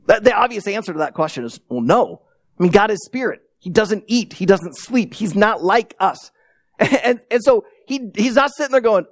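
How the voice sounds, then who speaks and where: A middle-aged man delivering a sermon with a lively, swooping delivery, acting out voices as he tells stories. His voice is close and dry, with no room sound around it. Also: sits high, normal speed, dry recording. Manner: animated storytelling with acted-out quotes. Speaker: pastor.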